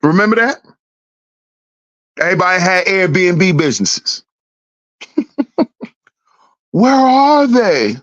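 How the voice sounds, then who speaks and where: A woman's voice: sing-song, lo-fi sound. A woman hosting her own channel, mocking her listeners in a rhetorical rant and repeating her questions in a teasing, sing-song way. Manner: swings in pitch, drawn-out words. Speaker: channel host.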